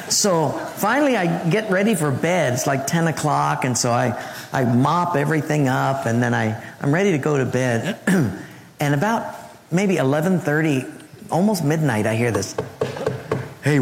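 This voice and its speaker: Male pastor, lively story-driven sermon, slightly high voice, echoey hall, faint ambience. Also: a little hiss or hum. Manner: animated storyteller who swings his pitch and laughs through his story.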